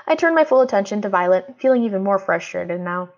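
A woman reading a children's storybook aloud, narrating in first person with expressive delivery. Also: mid-range voice, fast. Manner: expressive, voicing a frustrated boy in first person. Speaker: audiobook reader. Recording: dull lo-fi audio.

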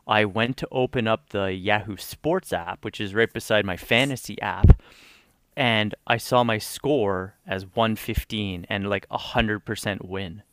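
Animated man telling a story. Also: lowish voice, unhurried, smooth, no echo, clean studio sound. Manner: animated storytelling, swears freely, acts out quotes. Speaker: podcast co-host. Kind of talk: casual chat.

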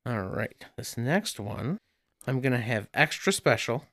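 A man's voice: mid-range voice, big pitch swings, a little slow, a bit bright, no room sound, studio quality. A man co-hosting a casual car podcast, running a joking language-guessing game with his friends. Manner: joking, puts on mock foreign phrases. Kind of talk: casual banter.

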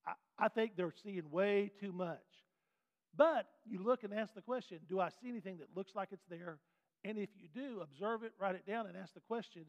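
A man teaching a Bible class in a folksy, animated way, putting questions to the class. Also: high voice. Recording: dull sound with long hall reverb.

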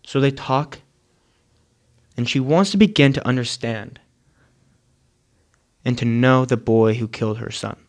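A man telling a moving story in a sermon, measured and earnest, with dramatic pauses. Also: mid-range voice. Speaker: speaker.

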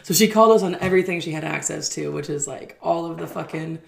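A young woman co-hosting a podcast, telling a story in a casual, animated and profane way while acting out what people said. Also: deep voice, fast, gravelly. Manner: animated, profane, acts out quotes. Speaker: podcast co-host.

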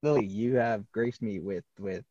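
A Canadian man hosting a podcast, asking rambling questions in a relaxed, chuckling way. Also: on the low side, moderate pace, dry recording. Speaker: podcast host. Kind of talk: casual interview chat. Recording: dull, lo-fi and dry sound.

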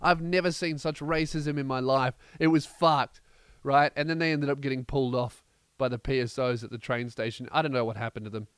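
A man hosting a podcast, telling a comedic story in a brash, profane, animated way with mocking asides. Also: mid-range voice, fairly quick, smooth, dry recording. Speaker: podcast host.

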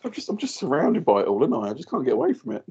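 A man in his thirties, a podcast co-host telling animated stories in casual chat and acting out what others said. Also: mid-range voice, very fast, vocal fry, slightly rough, muffled recording. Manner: animated storyteller, acts out quoted voices.

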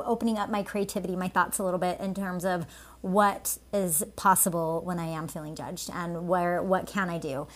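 Affirming woman co-host. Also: medium pitch. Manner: warmly affirming, reflective. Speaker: podcast co-host. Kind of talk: casual chat.

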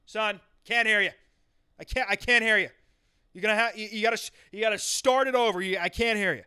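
A man's voice: high-pitched, fairly quick, pushed and bright, clean tone, pitched above the performer's own voice. A man voicing a stern, irritated middle-aged father who stutters, repeats himself and never finishes his sentences. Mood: stern, annoyed. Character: stern, irritated middle-aged dad holding back anger.

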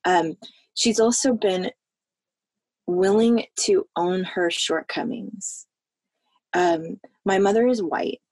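A woman from the American South, a podcast guest recounting a childhood memory in a halting, heartfelt way. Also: medium pitch, darkish tone, dry recording. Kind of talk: personal storytelling in a podcast interview.

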